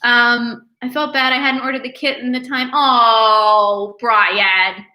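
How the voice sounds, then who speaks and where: A woman's voice: a little high, steady tone, takes it slowly, sharp tone, roomy sound, poor audio. A stuffy, congested woman in her twenties, chatting casually on a live stream from her apartment and rambling with lots of fillers and restarts. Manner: chatty, rambling, many fillers and self-corrections. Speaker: artist live-streaming from home.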